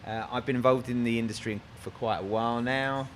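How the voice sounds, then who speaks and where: A man's voice: medium pitch, fairly even intonation, a little fast, a little hiss or hum. A man with an Australian accent, moderating a panel in a chatty, joking way. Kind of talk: casual panel talk.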